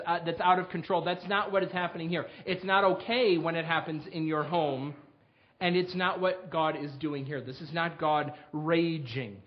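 A man's voice: high voice, highs cut off. A man preaching a sermon as pastor, speaking earnestly to his congregation and reading scripture aloud with rising emphasis. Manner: earnest, direct address to congregation.

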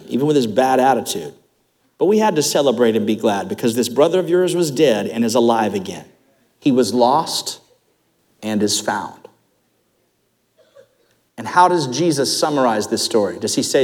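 A middle-aged male pastor preaching a sermon, telling stories in an animated way and building to loud, emphatic peaks. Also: medium pitch. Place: church sanctuary. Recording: church hall reverb.

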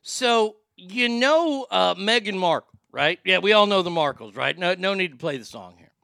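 A loud, mocking man riffs through a comedic podcast. His voice is high for a man and gravelly, with a bright, sharp edge. The sound is dry and close. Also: expressive, normal speed, no echo. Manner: loud, mocking, laughs at his own jokes. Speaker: podcast host. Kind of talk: casual comedic commentary.

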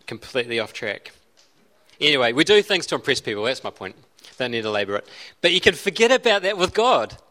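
Bright-voiced New male pastor. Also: on the high side. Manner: conversational, self-interrupting with restarts and asides. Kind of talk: sermon.

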